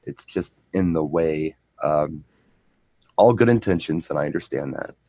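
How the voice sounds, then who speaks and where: A man's voice: extremely low pitch, unhurried, dark tone, slightly rough, no echo, rough recording. A middle-aged man and co-host, chatting casually and telling a rambling anecdote, often repeating words as he restarts. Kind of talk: casual chat, storytelling.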